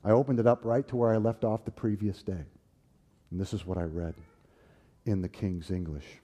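A man preaching and telling his own story, swinging from loud, animated bursts to hushed, tender tones. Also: on the low side, moderate pace, pauses often. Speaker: preacher giving a personal testimony. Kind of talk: sermon storytelling.

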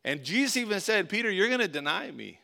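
A man's voice: high-pitched, big pitch swings, quick pace, creaky, bright, forceful tone. A man preaching a sermon in a conversational way, asking his listeners questions and repeating key phrases for emphasis. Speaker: pastor.

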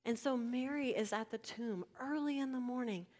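High-voiced woman preaching, loud then hushed. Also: normal speed. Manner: swings between loud emphasis and hushed near-whispers; conversational, asks the audience direct questions. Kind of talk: sermon.

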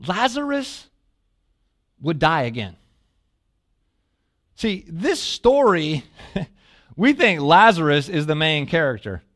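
A man preaching a sermon as a pastor, telling a story with lively asides and questions to the listeners, dropping to a hush when quoting prayers. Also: fairly high pitch, takes it slowly, pauses often. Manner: animated storytelling, asks the congregation questions.

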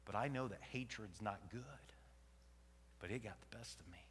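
A man playing Jonah, a conflicted and angry prophet, in a dramatic first-person sermon. His delivery swings between loud outbursts and hushed whispers. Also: on the low side, normal speed, a little hiss or hum, lightly acted. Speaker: preacher in dramatic monologue. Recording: long hall reverb.

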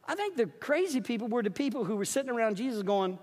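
A man preaching a sermon as pastor, telling the story in an animated way and acting out the characters. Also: very high-pitched, fast. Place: church sanctuary. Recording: long reverb of a church sanctuary.

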